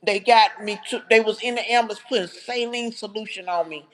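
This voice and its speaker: Speaking fairly quickly in a medium-pitched, slightly bright voice, a livestream host shares a personal story with her chat. Her manner is casual, heartfelt and chatty.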